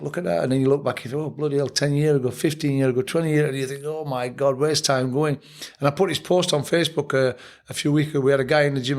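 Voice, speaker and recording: An older man with a Sheffield accent, a gravelly voice, and a reflective way of telling blunt stories. He talks as a boxing trainer on a relaxed podcast, at a middle pitch. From England. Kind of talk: casual podcast interview.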